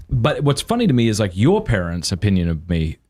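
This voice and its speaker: A man in his forties hosting a podcast in casual conversation, relaxed and agreeable, thinking aloud. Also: lowish voice, normal speed, vocal fry, slightly rough. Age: 40s. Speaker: podcast host.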